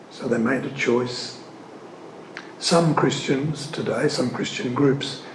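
An earnest male preacher teaches on scripture in a measured voice of ordinary pitch, pressing on key words and pausing between phrases. His voice rings around a roomy, echoing space. A faint hum of ambience sits underneath. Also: a little mellow. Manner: earnest and emphatic, leaning hard on key words, pausing often. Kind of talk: sermon-style teaching talk. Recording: echoey room.

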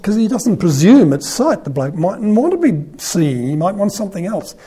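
A man giving a conversational sermon, retelling a Gospel story in an animated, storytelling way. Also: high-pitched, moderate pace.

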